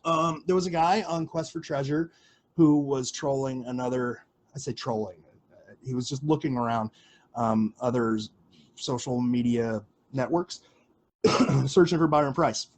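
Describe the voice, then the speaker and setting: Casual male livestream host, mid pitch, rambling and filler-heavy, faint background noise. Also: a little slow, darkish tone. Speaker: livestream host answering questions.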